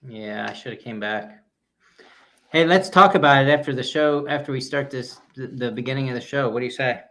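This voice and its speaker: Man podcast co-host, mid-pitched voice, teasing, jokey banter. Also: fairly quick, pushed and bright. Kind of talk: casual chat.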